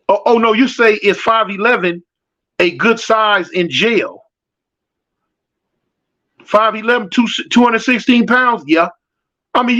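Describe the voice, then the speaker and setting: A man telling a street story in casual slang, acting out the voices and answering his live chat. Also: high voice. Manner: animated, slangy, acts out voices in his stories. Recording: dull lo-fi audio.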